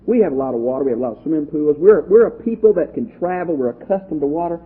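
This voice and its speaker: A man from Texas, a pastor teacher giving a lively, conversational Bible study lecture and asking his class questions. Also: a little high, very fast, slightly rough. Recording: tinny lo-fi phone-like audio.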